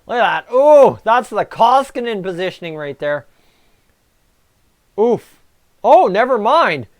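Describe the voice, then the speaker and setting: His voice is high-pitched and he takes it slowly. The Canadian man is hosting a live stream, chatting with viewers and reacting excitedly to a hockey game.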